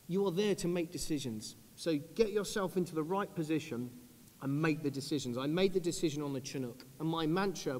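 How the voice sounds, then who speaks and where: Long reverb from a large conference hall surrounds this man, a British army officer in his thirties speaking on a panel. Earnest and measured, with a slightly high voice, he lowers and softens his delivery when the points turn grave.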